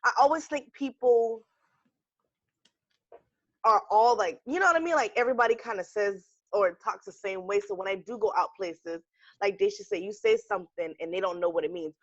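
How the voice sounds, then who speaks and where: A woman's voice: mid-range voice, moderate pace, no echo, highs cut off. A woman from Charleston with a Charleston accent, co-hosting a casual podcast and acting out conversations as she tells stories. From Charleston, South Carolina. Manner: lively, quotes people in her stories. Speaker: podcast co-host. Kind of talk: casual chat.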